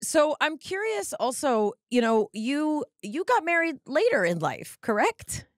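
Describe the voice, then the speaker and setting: A woman from Los Angeles hosting a casual interview, animated and curious, quick to laugh. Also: high voice, dry recording, studio quality. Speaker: podcast host.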